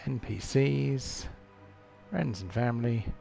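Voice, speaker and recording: Slow, gravelly-voiced male game master. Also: medium pitch, warm tone, soft background music. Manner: halting, thinks aloud with fillers. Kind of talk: narrating a tabletop game.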